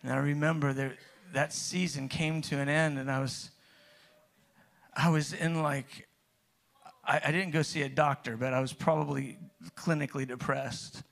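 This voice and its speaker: A man's voice: a little high, fairly even intonation, moderate pace, gravelly, fairly bright tone. A man preaching, telling his own story in a conversational way, with restarts that build to emphatic peaks. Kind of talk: personal testimony sermon.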